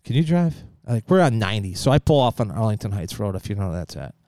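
A man co-hosting a podcast, telling a rambling, profane story with laughs, loud outbursts and mumbled asides. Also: on the low side, quick pace, no echo, clean studio sound. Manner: animated, swearing, laughing storyteller. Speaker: podcast co-host. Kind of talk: casual storytelling chat.

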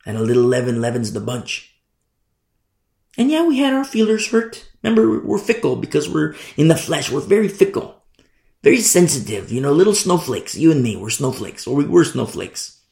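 A man's voice: on the high side, very animated, moderate pace, vocal fry, darkish tone, reverberant. A man preaching a sermon as a pastor, emphatic and conversational, driving points home through repetition.

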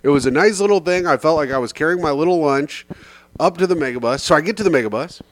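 Animated comic storyteller, a man with a lifted voice. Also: fairly high pitch, fast talker, no room sound. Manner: animated, swearing, slips into quoted voices. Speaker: podcast host.

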